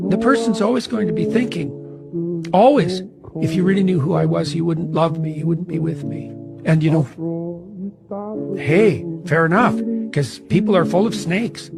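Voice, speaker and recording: Thoughtful man over loud music. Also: on the high side. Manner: thoughtful, wry, uses vivid imagery. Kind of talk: reflective lecture talk.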